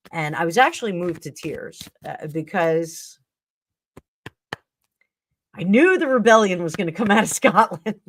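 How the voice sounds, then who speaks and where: A co-host on a live stream who talks casually and jokes offhandedly. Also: mid-range voice.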